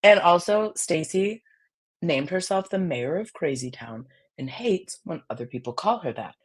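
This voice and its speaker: A podcaster with a raspy voice, chatting casually in a blunt, heated way that swings from loud outbursts to low mutters. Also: expressive, measured pace. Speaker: podcast co-host.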